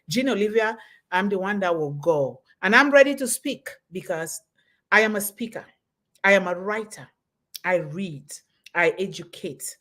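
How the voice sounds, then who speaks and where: A middle-aged woman from Cameroon hosting a live online webinar, giving an impassioned motivational talk that repeats phrases and swings in pitch and loudness. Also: normal speed. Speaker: host.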